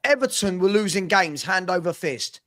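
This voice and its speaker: A man's voice: sits high, animated, moderate pace, pushed and bright. A man co-hosting a casual football fan podcast, talking in an exasperated way with rhetorical questions. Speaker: podcast co-host.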